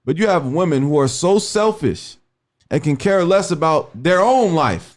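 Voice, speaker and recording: Animated and a little high-pitched, this man talks at a moderate pace during a sincere, sermon-like radio discussion. He cites scripture and keeps checking in with "you understand?"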